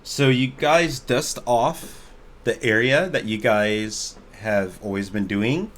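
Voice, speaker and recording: A man's voice: medium pitch, slow, a bit bright. A man narrating as game master for an online tabletop game, talking casually with lots of "like" as he describes the scene. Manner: casual, filler-heavy narration. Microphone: online voice call.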